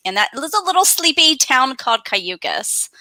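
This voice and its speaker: A relaxed woman chats as a guest, sharing tips in an easygoing way. Her voice is bright, and the sound is dry and close. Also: sits high, normal speed, dry recording. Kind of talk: casual chat.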